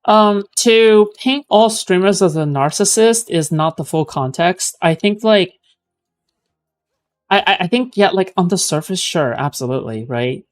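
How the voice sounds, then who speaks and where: A man's voice: high-pitched, expressive, measured pace, faint music behind. A man streaming, giving casual commentary on a clip in a rambling, sarcastic way with lots of filler words. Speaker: streamer reacting to clips.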